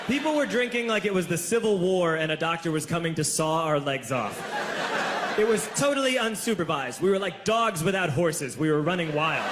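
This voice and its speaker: A young man telling a stand-up story with punchy comic timing and sudden shouted bursts, on a club stage. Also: high-pitched. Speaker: stand-up comedian. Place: club stage before a laughing audience. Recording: echoey room with audience noise.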